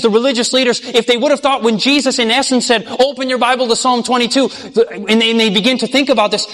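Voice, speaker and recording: High-voiced male preacher in a reverberant hall. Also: fairly bright tone. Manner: asks the listeners questions and has them finish verses; drops low and slow when reading scripture aloud. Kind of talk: sermon.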